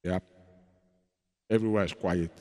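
A man, a pastor preaching a sermon in a dramatic storytelling way, moving between loud emphasis and hushed confession. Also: low voice, steady tone, normal speed. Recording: long hall reverb.

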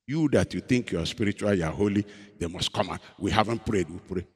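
A man, a pastor preaching a sermon in a dramatic storytelling way, moving between loud emphasis and hushed confession. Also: lowish voice, expressive, quick pace, husky. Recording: long hall reverb.

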